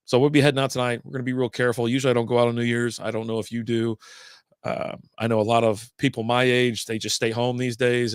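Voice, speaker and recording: A middle-aged man hosts a casual beer stream from home, talking loosely and correcting himself as he goes. His voice sits at an ordinary pitch for a man. The sound is close and dry, with no room in it. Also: clean tone, no room sound. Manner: rambling, self-correcting, laid-back. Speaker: beer podcast host. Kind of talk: casual live-stream chat.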